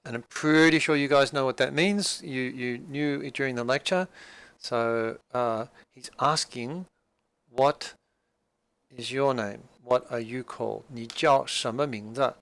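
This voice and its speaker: A man's voice: medium pitch, a little slow, fairly bright tone, clear, resonant tone, dry recording. A man teaching a language class, explaining a dialogue patiently with frequent fillers and restarts.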